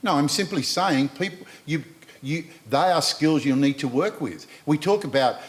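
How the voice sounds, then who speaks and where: A man's voice: a little high, animated, moderate pace. An Australian man in his sixties, speaking earnestly on a live panel and addressing the audience directly, with frequent repetition. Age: 60s. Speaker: panel speaker and university lecturer.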